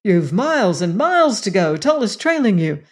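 A woman's voice: mid-range voice, lively intonation, measured pace, a little mellow, pitched above the performer's own voice, lightly acted. A woman voicing a frantic young cowboy. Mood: furious. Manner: pleading, agitated, raised voice. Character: desperate young male rider, frantic.

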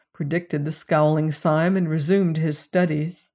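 Audiobook reader, even measured delivery, middle pitch. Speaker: audiobook narrator. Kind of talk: scripted narration of a novel.

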